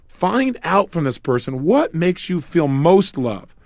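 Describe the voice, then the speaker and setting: An animated man leads a self-help seminar, his slightly high voice swinging widely up and down as he acts out couples' quarrels. He drops in joking asides, and the sound is close and dry with no room echo. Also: takes it slowly. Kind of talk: motivational relationship seminar.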